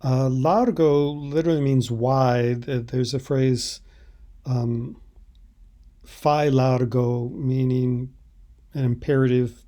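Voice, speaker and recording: A man teaching Italian, explaining subtitle translations in a halting, thoughtful way. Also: medium pitch, steady tone, warm tone.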